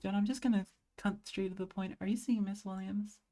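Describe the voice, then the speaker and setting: A blunt, hurt teenage schoolgirl who doesn't hold back her swearing, read out by a woman in her own middle-pitched voice. She speaks like she's confronting her oldest friend. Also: steady tone, fairly quick, warm tone, close to an everyday voice.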